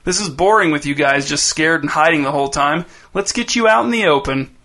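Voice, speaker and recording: A man voicing a cocky young boy who taunts and shouts in a high, gleeful voice. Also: brisk. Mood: taunting.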